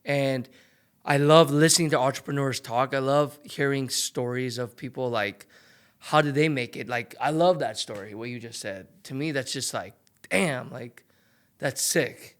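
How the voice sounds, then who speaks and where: A young man talks loosely and casually as a podcast guest. His voice sits at an ordinary middle pitch. He tells his stories in a rambling way, full of fillers. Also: measured pace, fairly bright tone. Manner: loose, filler-heavy storytelling. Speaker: podcast guest, former pro golfer. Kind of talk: casual interview chat.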